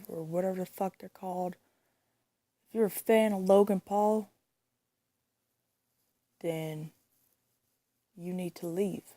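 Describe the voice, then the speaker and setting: A woman's voice: medium pitch, warm tone. A young woman ranting indignantly into her phone, swearing and repeating herself as she talks. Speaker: vlogger. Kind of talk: angry casual rant.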